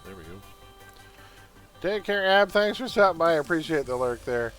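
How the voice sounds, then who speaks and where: A man's voice: on the high side, big pitch swings, normal speed, a bit bright, soft background music. A man chatting casually on a live game stream, rambling and opinionated, often calling his viewers folks. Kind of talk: casual gaming stream chat.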